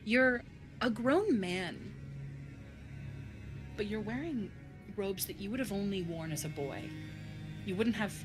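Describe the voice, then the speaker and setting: Woman game master, slow, breathy, whispery narration, music clearly behind. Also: medium pitch, lively intonation. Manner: hushed, breathy narration that often drops to a whisper. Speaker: dungeon master.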